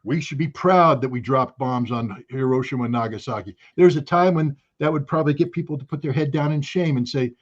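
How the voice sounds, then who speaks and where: An American guest commentator on a livestream interview speaks emphatically, lecturing and repeating his points for force. His medium-pitched voice is brisk with few pauses, and the recording has its highs cut off.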